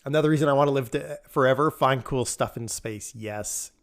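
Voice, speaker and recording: A man's voice: medium pitch, a little fast. A man rambling casually on a live game stream, answering chat and laughing often.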